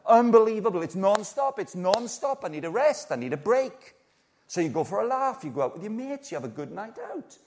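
Animated preacher in his sixties. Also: high-pitched, fairly quick. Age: 60s. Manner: lively, conversational, rhetorical questions, playful asides. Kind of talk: sermon.

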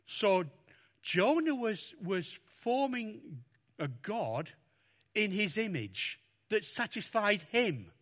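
A man preaching a sermon, talking through a Bible passage with lots of expression and acting out the lines he quotes. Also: takes it slowly. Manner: expressive, animated, acts out quotes with raised pitch.

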